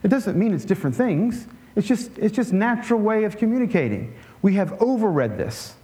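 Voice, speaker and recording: A man preaching a conversational sermon in a relaxed way, with joking asides and frequent restarts. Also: sits high, fairly quick. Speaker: pastor.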